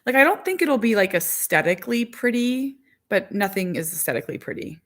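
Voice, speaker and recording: A woman's voice: medium pitch, big pitch swings. Chatty rambling woman in her forties. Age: 40s. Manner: chatty and rambling, lots of "like", quick asides. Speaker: vlogger and mother of four. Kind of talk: casual chat to live viewers.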